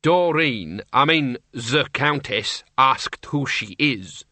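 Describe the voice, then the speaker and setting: A weary, flustered middle-aged would-be vampire, voiced by a man who grumbles his way through. The tone is bright and close, with a dry sound. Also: a little high, moderate pace, dry recording. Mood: grumbling.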